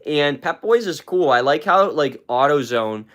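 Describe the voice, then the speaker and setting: A young man hosting a casual livestream from home on his phone, upbeat and chatty, giving shout-outs to viewers. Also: a little slow. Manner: upbeat, gives shout-outs to chat, jumps pitch when excited. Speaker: livestream host. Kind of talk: casual live-stream chat with viewers.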